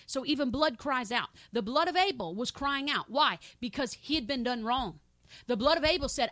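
A woman preaching a sermon with fervent, repetitive emphasis, swinging between loud exclamations and soft pleading prayer. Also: sits high, animated, normal speed, dry recording, clean studio sound. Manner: fervent, repetitive, addresses listeners as saints.

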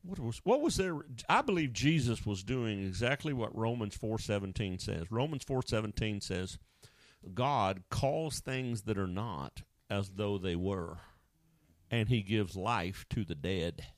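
A man preaching a sermon, animated, acting out Bible scenes and now and then jumping into high wailing voices. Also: a little slow, no room sound, studio quality.

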